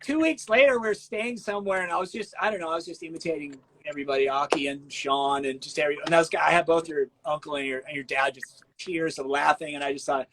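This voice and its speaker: A middle-aged man hosting a casual interview, telling animated stories, acting out quotes and laughing often. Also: a little high, fast, hardly any pauses, a little hiss or hum, rough recording. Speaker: host.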